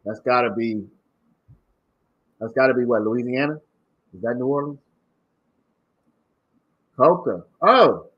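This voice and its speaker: A man's voice: mid-range voice, expressive, slow, long pauses, dull audio. Chatty man hosting a livestream. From Maryland. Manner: chatty, reading viewer comments aloud. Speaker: livestream host. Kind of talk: casual livestream chat.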